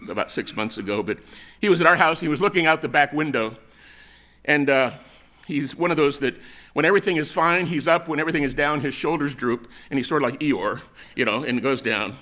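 An older man from the United States delivers a sermon in an easygoing, storytelling manner. His voice is bright and forward, and he often stops to restart a phrase or add a filler. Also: on the high side, brisk. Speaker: pastor.

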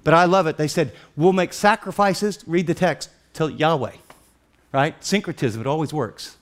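A man with a voice on the high side preaches a sermon, retelling scripture as vivid, dramatic storytelling. He swings between hushed, slow passages and loud, excited ones.

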